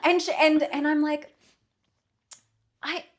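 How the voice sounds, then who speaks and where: A woman's voice: high voice, slow. A young woman co-hosting a podcast, telling a story in casual chat, acting out the voices of the people in it. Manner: animated, acts out quoted voices, swears casually. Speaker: podcast co-host.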